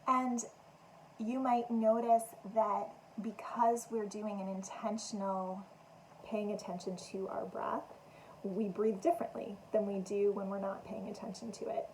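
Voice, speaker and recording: A woman meditation teacher calmly guiding listeners through a breathing exercise with gentle, unhurried instructions. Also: mid-range voice, slight background noise, low-quality recording.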